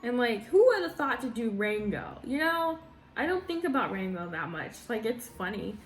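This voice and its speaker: A woman's voice: a little high, very animated, moderate pace, faint music behind. A woman vlogger in casual reaction commentary, laughing often and trailing off mid-thought.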